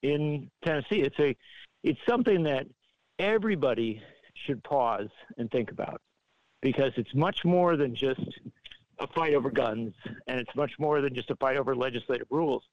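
A man appearing as a political journalist guest, explaining in a deliberate, measured way with pauses. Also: medium pitch, animated, no room sound, dull audio. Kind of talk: measured political commentary on a phone line.

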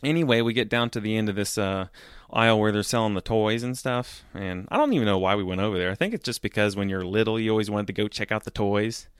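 A man's voice: lowish voice, fast, clean tone, no echo, clean studio sound. A man telling a rambling, profane comedic story, full of fillers, as a podcast host.

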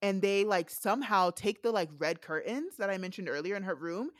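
A woman's voice: mid-range voice, lively intonation, fairly quick, no room sound, studio quality. A young woman recapping a book in a casual podcast chat, frank and amused, with many fillers. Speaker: podcast co-host recapping a novella. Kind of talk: casual chat, reading quotes aloud.

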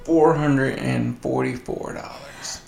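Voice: mid-range voice, steady tone, slow, creaky, darkish tone, faint music behind. A co-host chatting casually, with frequent hesitant restarts. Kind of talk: casual chat. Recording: echoey room.

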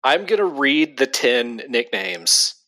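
Deadpan man co-hosting a podcast. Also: medium pitch, takes it slowly. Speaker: podcast co-host. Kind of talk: casual chat. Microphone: remote call.

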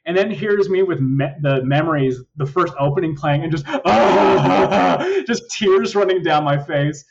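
A man's voice: fairly high pitch, normal speed, background noise. Laughing storytelling man on a distant, dull line. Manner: laughs often, tells stories with put-on quoted voices. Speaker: voice actor guest. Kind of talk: casual podcast chat. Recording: distant, dull remote audio.

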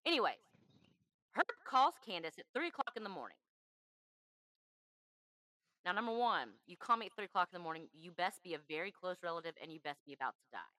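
A woman's voice: on the low side, sing-song, fast, sharp tone, dry recording, low-quality recording. A woman hosting a true crime podcast, telling the story in an emphatic, chatty way. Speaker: podcast host.

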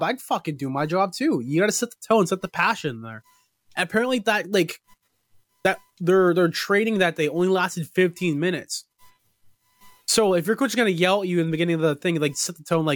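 High-voiced man in animated sports chat. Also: moderate pace, no echo. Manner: animated, profane storytelling. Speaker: podcast co-host.

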